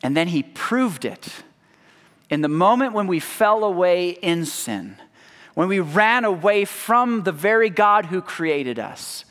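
A man preaching a sermon as pastor, slow and emphatic, letting phrase ends drop low. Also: lively intonation, fairly bright tone. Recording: long hall reverb.

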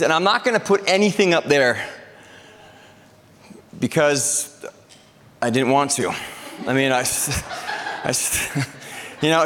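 A man's voice: fairly high pitch, fairly bright tone, long reverb tail. A man preaching a sermon as pastor, talking in a conversational, joking way with asides and restarts.

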